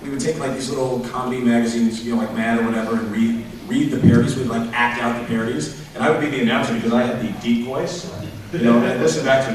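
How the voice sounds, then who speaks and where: A man on a convention panel, joking and trading quick asides, recorded from far off in a large hall. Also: medium pitch, steady tone. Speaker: voice actor panelist. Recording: echoey hall, far from mic, noisy.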